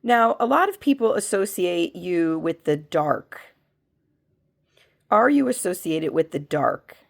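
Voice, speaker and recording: A woman who has a cold, working as a medium, leads a spiritual pendulum reading and asks slow yes-no questions that she answers herself. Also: lowish voice, lively intonation, creaky. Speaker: medium and reiki practitioner.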